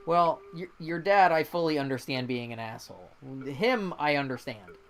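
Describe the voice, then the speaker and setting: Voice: medium pitch, expressive, normal speed, faint music behind. Tired, swearing game streamer. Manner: ranting, profane, exasperated. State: exhausted, yawning. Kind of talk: casual game-stream chat.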